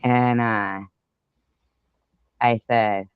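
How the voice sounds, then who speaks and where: A man's voice: medium pitch, steady tone, drawn-out words, smooth, no echo, narrow, tinny audio. A man hosting a live stream, rambling through a story in casual chat with lots of fillers and the odd swear word.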